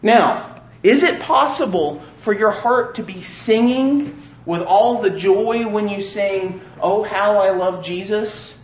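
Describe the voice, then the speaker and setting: Man preaching slow n earnest, lots of questions, echoey room. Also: sits high. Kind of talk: sermon. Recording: roomy, slightly dull recording.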